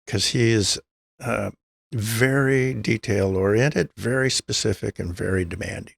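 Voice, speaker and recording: An older man with a low, heavily gravelly voice tells long stories as an interview guest. He acts out what the people in his stories said, and his husky voice sounds dry and close to the mic. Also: measured pace, no room sound. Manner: anecdotal, acts out quoted dialogue. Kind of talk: storytelling interview.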